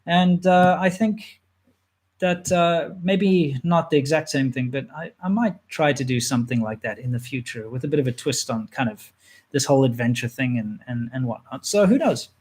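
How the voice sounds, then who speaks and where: A man in his thirties hosting a casual question-and-answer chat, relaxed and rambling, with plenty of fillers and restarts. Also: mid-range voice, normal speed. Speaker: channel host answering viewer questions.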